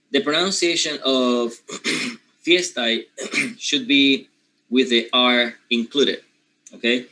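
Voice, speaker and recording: A man from Panama with a Panamanian accent, a native Spanish speaker teaching English pronunciation, who often clears his throat and keeps checking in with his students. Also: mid-range voice, sharp tone, low-quality recording. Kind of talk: pronunciation lesson.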